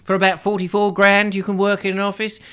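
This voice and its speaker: A man's voice: sits high, completely flat delivery, fast, fairly bright tone, clean tone. A middle-aged man hosting his own show, musing aloud in a whimsical, chatty comic monologue and slipping into silly voices. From England. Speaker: host.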